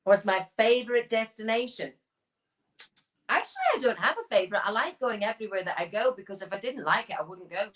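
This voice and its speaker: An older woman answering a quick run of casual questions as an interview guest, chatty and self-assured. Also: mid-range voice, expressive, fairly bright tone, low-quality recording.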